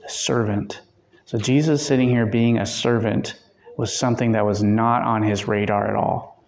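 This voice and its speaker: A man's voice: fairly low pitch, steady tone, normal speed, darkish tone. A man leading a Bible study discussion, talking conversationally with fillers and self-corrections. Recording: echoey room.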